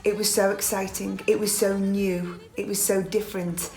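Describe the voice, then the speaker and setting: A woman's voice: medium pitch, level tone, moderate pace, soft background music. Chatty English woman in a roomy space. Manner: chatty, warm-hearted storytelling with laughs. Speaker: guest singer. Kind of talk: casual interview chat.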